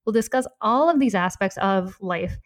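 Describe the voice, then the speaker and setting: A woman in her thirties with a Minnesota accent talks through her solo podcast in a friendly, upbeat way, with small laughs between phrases. Her voice sits at an ordinary middle pitch and sounds close and dry, with no room around it. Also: animated, moderate pace, no echo. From southeastern Minnesota, US. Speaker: podcast host.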